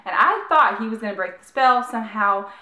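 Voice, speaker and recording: A young woman talks about a book she loves, gushing and tripping over her words with a steady stream of "like." Her voice sits a little high and rings around an echoey room. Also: brisk. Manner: gushing, excited, heavy use of "like". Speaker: book reviewer. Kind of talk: casual book review.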